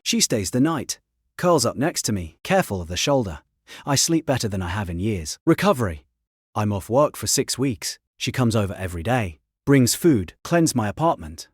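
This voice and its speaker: A man's voice: on the low side, very animated, moderate pace, breathy edge, no room sound, clean studio sound. A man reading a first-person story aloud in terse, clipped sentences. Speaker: story narrator. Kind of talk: scripted first-person narration.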